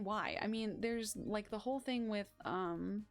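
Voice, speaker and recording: A young woman streaming a game, chatting casually in a gushing, excitable, rambling way, from a home setup. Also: mid-range voice, unhurried. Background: faint background music.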